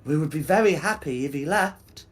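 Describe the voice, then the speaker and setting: A man voicing a soft-spoken, feminine hooded figure who speaks primly. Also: fairly high pitch, animated, normal speed, pitched above the performer's own voice.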